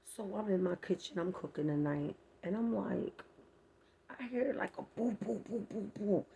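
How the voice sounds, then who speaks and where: A woman's voice: medium pitch, animated, normal speed, vocal fry, mellow, a little hiss or hum. A woman telling a personal story to her viewers in a casual storytime vlog, blunt and heavily profane, addressing them directly and acting out sounds as she goes. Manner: vivid retelling with sound effects. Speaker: storyteller vlogger.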